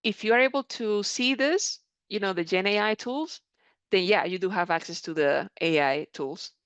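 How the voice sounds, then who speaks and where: Woman with a smooth, dry voice. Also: mid-range voice, normal speed, fairly bright tone, dry recording. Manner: conversational and encouraging, reads viewer comments aloud. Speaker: creator program mentor presenting a live session. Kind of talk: live software tutorial, answering chat questions. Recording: slightly dull, dry audio.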